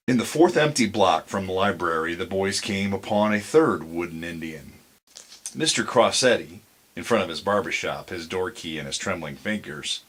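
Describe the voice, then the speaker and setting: A man reading a spooky bedtime story aloud as narrator, measured and deliberate. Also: low-pitched, a bit bright.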